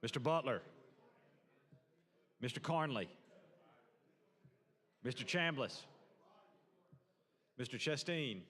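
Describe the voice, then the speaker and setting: A man reads out a roll call very slowly, one name at a time, his voice a little husky. The sound carries a long hall reverb from a large legislative chamber. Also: mid-range voice. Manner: measured, even name-by-name delivery. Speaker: senate secretary. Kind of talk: calling the roll.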